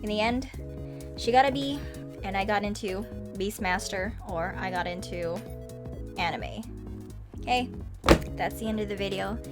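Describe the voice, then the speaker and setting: A young adult woman telling a story in casual vlog style into a webcam mic, chatty and animated, with frequent laughs and sighs. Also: medium pitch, moderate pace, long pauses, music in the background. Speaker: vlogger. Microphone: webcam microphone.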